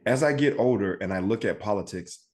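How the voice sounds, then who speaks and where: A man co-hosting a podcast, joking around in animated, slangy casual chat. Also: fairly low pitch, fairly quick. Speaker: podcast co-host.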